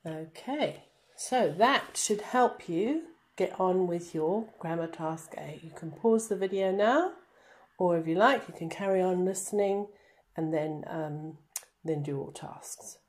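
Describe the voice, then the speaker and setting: A woman's voice: medium pitch, animated, unhurried, darkish tone. A woman teaching, talking pupils through a recorded remote lesson patiently and step by step, with plenty of fillers. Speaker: class teacher.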